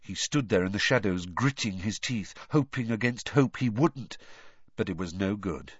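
A male audiobook narrator with a slightly husky voice, reading in a measured, expressive way with a lively rise and fall in pitch. The recording sounds dull, lo-fi and dry. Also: dry recording. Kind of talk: storybook narration.

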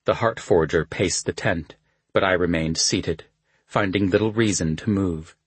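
A man reading a novel aloud as an audiobook narrator, in a measured, even manner. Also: deep voice, breathy edge, no room sound. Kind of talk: scripted narration.

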